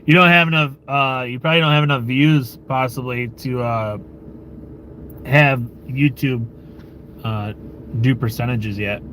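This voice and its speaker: A man's voice: mid-range voice, a little slow, slight background noise. A man from the United States hosting his own channel, chatting casually and loosely with live-stream viewers, swearing and chuckling as he goes. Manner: rambling and relaxed, with frequent fillers, swearing and chuckles.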